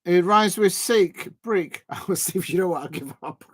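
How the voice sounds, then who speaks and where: A man's voice: high-pitched, unhurried, slightly rough, no room sound. A man hosting a live fan watch-along, commentating casually with many fillers and restarts and chatting with viewers. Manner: chatty, reads out and thanks viewers. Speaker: fan stream host.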